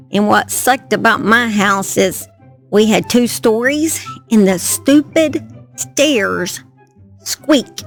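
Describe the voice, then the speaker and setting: Chatty Southern woman telling true crime. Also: fairly high pitch. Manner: chatty, self-deprecating, easily distracted. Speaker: true crime channel host. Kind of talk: casual storytelling to camera. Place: outdoors by a campfire in the woods at night.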